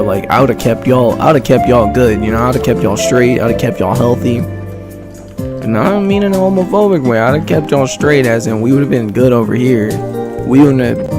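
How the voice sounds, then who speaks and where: Gravelly young streamer, music behind. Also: male voice, mid-range voice. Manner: laid-back, rambling, slangy, laughs often. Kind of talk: casual livestream reaction chat.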